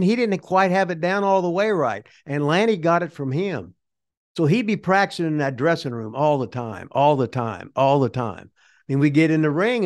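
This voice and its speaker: Rambling older man, folksy. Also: on the high side. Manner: rambling, folksy, swears casually. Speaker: retired pro wrestler, interview guest. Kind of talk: rambling shoot interview storytelling.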